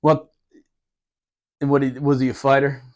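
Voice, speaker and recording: A podcast host and former Marine in his forties tells stories in a mid-range voice at a normal speed. His casual talk is animated and full of profanity, and he laughs frequently as he goes.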